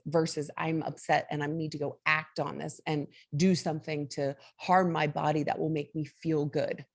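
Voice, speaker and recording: A woman's voice: low voice, little pitch movement, moderate pace, few pauses, no echo. A woman hosting a casual motivational talk, candid and a little rambling, laughing often as she talks. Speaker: host.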